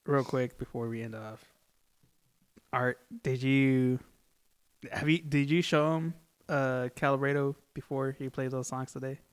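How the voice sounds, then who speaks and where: A man co-hosting a casual podcast, telling rambling anecdotes in a relaxed way. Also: mid-range voice, unhurried, clean tone. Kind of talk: casual chat.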